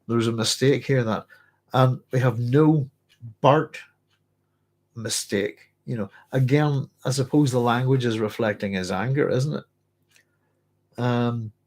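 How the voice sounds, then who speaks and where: A man's voice: mid-range voice, slow, pauses often, darkish tone. Musing man hosting a book club. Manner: thoughtful, rambling, many ums and restarts. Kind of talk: casual live book discussion, reading aloud and chatting.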